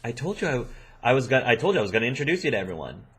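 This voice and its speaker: A man reading a shy, hesitant young woman in a visual novel, softly and unsure. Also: medium pitch, sing-song, racing, slightly rough, full character voice. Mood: timid. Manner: quiet, hesitant.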